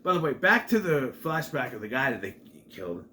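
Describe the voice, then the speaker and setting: Young male reviewer, casual solo chat, very lively delivery, quiet room noise. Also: fairly quick. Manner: animated, laughs at his own jokes, mimics lines in high voices. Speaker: movie reviewer.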